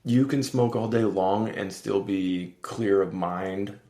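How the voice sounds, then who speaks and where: A man's voice: fairly low pitch, slow pace, dark tone, roomy sound. A man in his thirties, a podcast guest talking candidly and earnestly, acting out his inner voice with sudden raised tones. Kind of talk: candid conversational interview.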